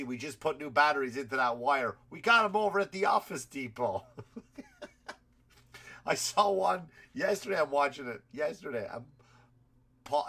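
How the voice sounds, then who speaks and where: A man hosting a comedy podcast rants in a rambling, profane way, laughing at his own stories while nursing a cold. His voice is medium-pitched and fairly bright.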